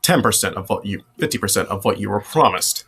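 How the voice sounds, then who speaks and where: A man's voice: on the low side, animated, fast talker, gravelly, bright, forceful tone, slightly rough. Guy game master narrating, kinda rambly, keeps restarting.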